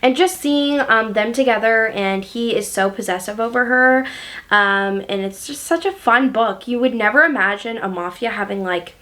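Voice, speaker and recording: A book reviewer with a slightly high, somewhat bright voice chats casually about books she loves. She gushes enthusiastically and uses plenty of fillers.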